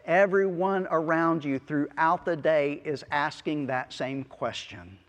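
A man preaching a sermon as pastor of a small church, speaking earnestly with soft asides and chuckles. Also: fairly high pitch, unhurried, big-room sound.

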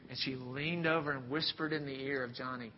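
A man preaching a sermon and telling stories, swinging from loud bursts to hushed near-whispers. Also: fairly even intonation, a little fast. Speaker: pastor. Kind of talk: sermon with storytelling. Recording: dull sound with long hall reverb, faint rumble.

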